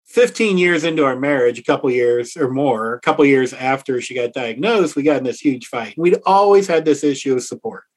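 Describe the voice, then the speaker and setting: A man's voice: mid-range voice, expressive. Earnest, reflective middle-aged man. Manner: reflective and earnest, slows to stress key words. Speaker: author and interview guest. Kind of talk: candid personal storytelling in an interview.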